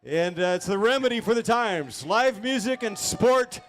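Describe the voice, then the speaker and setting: A man's voice: high-pitched, expressive, normal speed. A man co-calling a street bike race outdoors, with flowery, dramatic wording. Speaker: race announcer. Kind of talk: live race commentary.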